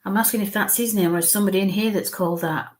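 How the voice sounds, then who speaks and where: A woman medium giving live readings, her voice sitting at an ordinary middle pitch. She talks in stops and starts and keeps dropping into soft, coaxing murmurs between her statements. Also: steady tone. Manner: halting, breaks off to coax spirits under her breath. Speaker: psychic medium. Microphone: live stream mic.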